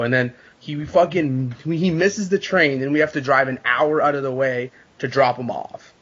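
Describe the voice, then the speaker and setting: A man's voice: medium pitch, fairly quick, hardly any pauses. A man guest on a podcast telling a heated story in casual chat, swearing freely. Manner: animated storytelling, swears a lot. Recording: dull lo-fi podcast audio.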